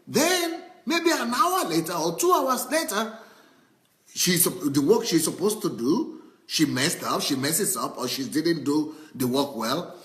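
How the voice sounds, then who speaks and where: Man, sermon, animated, repeats points, very expressive pitch, roomy echoey sound. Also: measured pace. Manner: animated preaching with acted-out anecdotes and repetition. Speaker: pastor.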